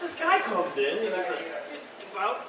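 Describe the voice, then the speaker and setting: A man's voice: high voice, huge pitch swings, normal speed. A man casually telling a story on a convention panel, laughing and restarting his sentences. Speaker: panel guest. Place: convention room with an audience. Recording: echoey room from far off, background noise.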